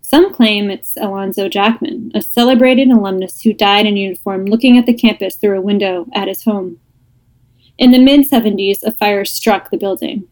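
A woman's voice: medium pitch, moderate pace, darkish tone, rough recording. A woman podcast host reading listener ghost stories aloud, breaking off for laughing asides.

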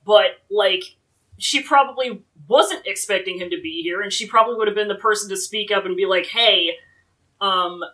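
A woman's voice: mid-range voice, brisk, rough recording. A woman co-hosting a podcast, recapping a story in casual chat and jumping into quoted lines. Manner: animated, jumps into character quotes. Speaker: podcast co-host.

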